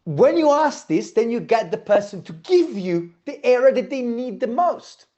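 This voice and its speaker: A man's voice: very high voice, very animated, moderate pace, mellow, muffled recording. A man teaching a sales class, blunt and swearing casually, often checking in with "okay?". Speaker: sales trainer.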